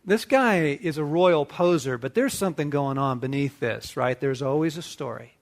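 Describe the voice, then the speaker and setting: A middle-aged man hosting a talk to men, telling a movie story with lively acted-out dialogue. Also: on the high side, moderate pace, vocal fry. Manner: animated storyteller acting out dialogue. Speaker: host. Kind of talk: casual teaching talk to men.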